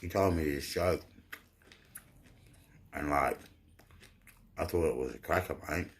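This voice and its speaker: A man's voice: very deep voice, measured pace, a little hiss or hum. A man, rambling and telling jokes in a laid-back way, often repeating his words. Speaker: vlogger. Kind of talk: rambling casual storytelling.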